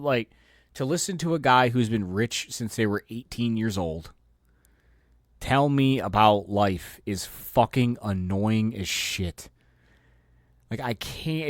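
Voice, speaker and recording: A man's voice: mid-range voice, no room sound, studio quality. A man hosting his own podcast, ranting casually with heavy swearing and an exasperated delivery, often stumbling and repeating words as he goes. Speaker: podcast host. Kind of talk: casual profane rant.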